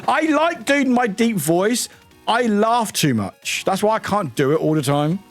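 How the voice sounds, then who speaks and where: Man, streamer, giggly, trips over words, lively pitch, soft game music behind. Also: a little slow. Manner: giggly, stumbles over words and restarts readings. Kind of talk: casual let's-play commentary, reading in-game text aloud.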